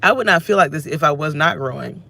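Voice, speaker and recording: This vlogger in her thirties talks fast, with a deep, bright, forceful voice full of animation and vocal fry. Sitting in her car, she rants emotionally to the camera, rambling and reflecting on herself as she vents.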